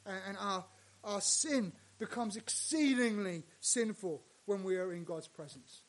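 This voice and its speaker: A male pastor preaching a sermon, dropping to hushed lines and rising to loud, emphatic ones. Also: sits high, unhurried.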